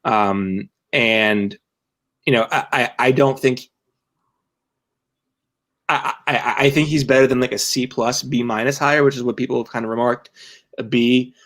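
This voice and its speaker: A man's voice: medium pitch, fairly bright tone. A young man co-hosting a sports podcast, talking casually and rambling through many restarts and fillers. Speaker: podcast co-host and team writer.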